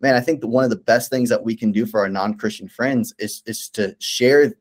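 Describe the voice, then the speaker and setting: Pastor guy talking earnest and encouraging, lots of likes and restarts, mid pitch. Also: fairly even intonation, a little fast. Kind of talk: casual conversation about faith.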